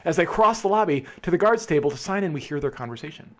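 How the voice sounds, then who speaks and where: A man casually reading a film script aloud with friends, playful and often laughing. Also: fast talker. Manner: playful, laughing, animated with big pitch swings. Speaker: script reader.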